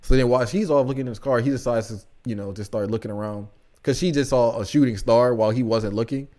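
A man's voice: medium pitch, quick pace. A young man co-hosting a podcast, casually and animatedly retelling a play he acted in, with lots of "like" fillers. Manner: animated storyteller, many "like" fillers. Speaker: podcast co-host. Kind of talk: casual chat, recapping a play.

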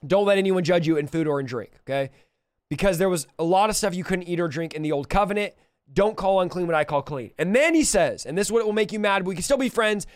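A young male preacher works through scripture in a chatty, energetic way, talking straight to his audience. His voice sits high and comes through smooth and clear. The recording is close and dry, with no room sound. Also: fast, dry recording. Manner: energetic, conversational, direct address to viewers. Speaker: preacher and podcast host. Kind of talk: verse-by-verse Bible teaching.

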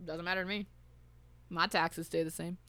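A woman retells a movie in a loose, swear-heavy, casual way, full of asides. Her voice is bright and forward. The sound is dry and close. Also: lowish voice, steady tone, normal speed, dry recording. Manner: loose and profane, with lots of asides. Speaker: podcast co-host. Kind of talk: casual chat recapping a movie.

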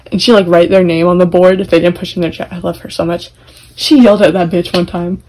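A woman's voice: fairly low pitch, flat delivery, brisk, a little mellow, low-quality recording. A young woman co-hosting a podcast, telling school stories in casual, profane chat. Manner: chatty storyteller, swears freely. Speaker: podcast co-host.

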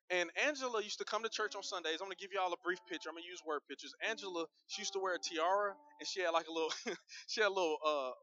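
A man's voice: fairly high pitch, sharp tone, dull audio. A male pastor preaching a sermon in a conversational, humorous storytelling manner, speaking directly to his congregation.

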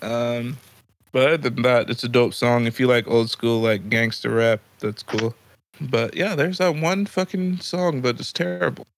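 Man, podcast co-host, loose and profane, quick to laugh. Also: medium pitch, creaky, a little hiss or hum. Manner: laughs often, swears freely, retells stories. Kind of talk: casual comedic chat.

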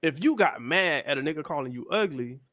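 A man's voice: on the high side, a little fast, no echo. A man in his thirties co-hosting a casual chat, talking in slang and acting out what other people say. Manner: animated, slangy, acts out quotes. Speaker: podcast co-host.

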